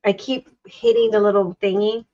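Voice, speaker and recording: A woman's voice: medium pitch, level tone, moderate pace, dark tone, dull audio. A woman hosting a casual craft livestream, chatting and rambling as she works, often breaking off mid-sentence. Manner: chatty, rambling, self-interrupting.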